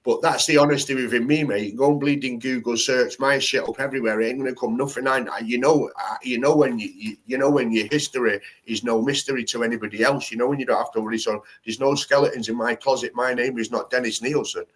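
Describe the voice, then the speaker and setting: A man hosting a casual live-stream chat, rambling and animated, swearing freely. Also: medium pitch, fast, few pauses, slightly rough. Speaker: livestream host. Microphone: home streaming setup.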